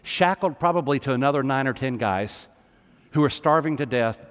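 A male pastor's medium-pitched, expressive voice moves at a moderate pace as he preaches emphatically and conversationally to his congregation. The live sermon is captured with long reverb from the hall.

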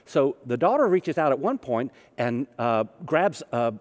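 A man's voice: medium pitch, big pitch swings, unhurried. Man preaching with long hall reverb. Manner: storytelling, conversational with humor. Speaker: minister. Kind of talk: sermon.

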